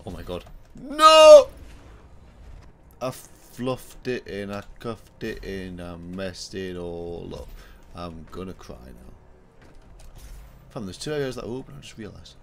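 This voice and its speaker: A man's voice: sits low, normal speed, vocal fry, a little hiss or hum. A man streaming a shooter game, yelping and muttering at the screen as he plays. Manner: excitable, yelps and mutters at the game. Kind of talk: live gameplay commentary.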